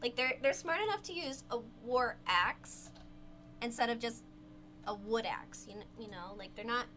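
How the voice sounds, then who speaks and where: A woman playing a tabletop game, excitable and stammering over her words. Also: fairly high pitch, moderate pace, slight background noise. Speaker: player.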